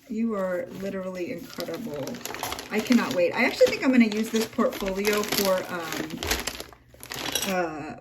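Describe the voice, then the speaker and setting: A woman's voice: lowish voice, far from the mic. A woman chatting emotionally as she unboxes a handmade gift, gushing and on the edge of tears. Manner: gushing, tearful, gasping with delight. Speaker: craft vlogger. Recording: voice a little off-mic, faint room noise.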